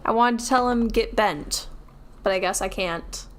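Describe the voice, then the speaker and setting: A woman's voice: medium pitch, a little slow, a little hiss or hum. Woman streamer, casual gaming commentary, jokey, self-mocking, chatty. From Seattle, US.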